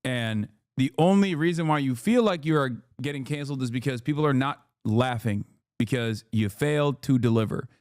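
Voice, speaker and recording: A man's voice: mid-range voice, moderate pace, darkish tone, no room sound, studio quality. A man giving emphatic, profane reaction commentary on a live stream, repeating points for emphasis.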